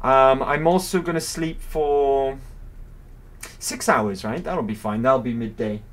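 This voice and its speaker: A man's voice: medium pitch, takes it slowly. A man commentating his game live, musing aloud in a rambling, curious way. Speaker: game streamer. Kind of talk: livestream gameplay commentary.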